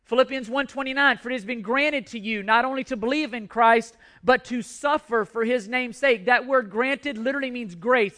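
A man's voice: very high voice, moderate pace, few pauses, sharp tone. A man preaching a sermon to a congregation, emphatic, repeating and restarting phrases as he drives his points home. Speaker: pastor.

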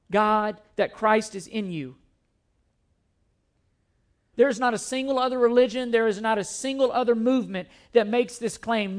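High-voiced man preaching a sermon. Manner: repetitive, emphatic preaching with scripture quotes. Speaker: pastor.

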